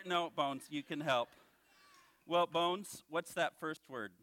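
A man's voice: on the high side, slow pace, fairly bright tone, no room sound. A man leading a children's church lesson as a ventriloquist, playing the patient straight man to his puppet. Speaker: children's ministry leader, ventriloquist.

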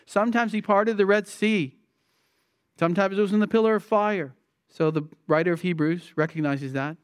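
A man with a high voice preaches an expository sermon in a close, dry sound. He stresses his points by repeating phrases and putting rhetorical questions to his listeners. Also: clear, resonant tone, no echo.

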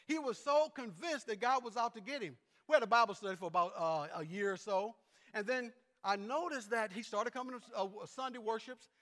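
A man preaching a sermon with personal stories, speaking earnestly and haltingly, often repeating words as he goes. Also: sits high, a bit bright. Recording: long hall reverb.

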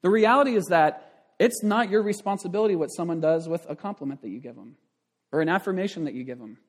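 A man's voice: high-pitched, animated, quick pace. A man in his thirties, a pastor giving a conversational sermon with frequent asides and restarts.

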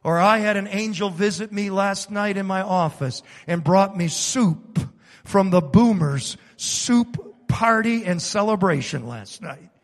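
High-pitched male pastor, slow, dramatic sermon with bursts of shouting, echoing church hall. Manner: preaching with sudden shouts and dramatic swings. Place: church sanctuary.

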